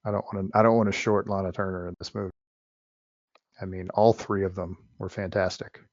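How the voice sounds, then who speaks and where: Man, lowish voice, opinionated, dry close sound. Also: flat delivery, brisk, dry recording, highs cut off. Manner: opinionated, with frequent restarts. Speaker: podcast co-host. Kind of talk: casual film discussion.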